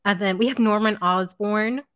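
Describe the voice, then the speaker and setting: A young woman co-hosting a casual chat, excited and full of fillers. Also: medium pitch, moderate pace, clean tone, no room sound, studio quality. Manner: chatty, excited, uses many fillers. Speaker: podcast co-host.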